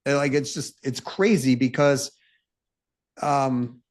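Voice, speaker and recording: A man's voice: mid-range voice, slow. A man speaking as a guest in a casual interview, emphatic and full of fillers. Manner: emphatic, full of "like" and "you know".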